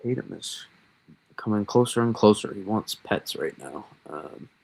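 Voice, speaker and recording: A man with a Massachusetts accent hosting a casual live weather analysis, thinking aloud in a halting way with many fillers. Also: fairly low pitch, lively intonation, vocal fry, a little mellow. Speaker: weather stream host.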